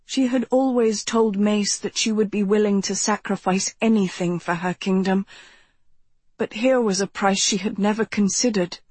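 A woman reading a novel aloud as an audiobook narrator, in a gentle, measured storytelling manner. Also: medium pitch, steady tone, husky, no room sound. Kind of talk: scripted narration.

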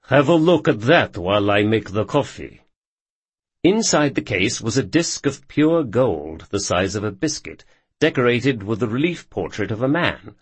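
Male nonfiction narrator, lowish husky voice, lively delivery, dry studio read. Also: no echo.

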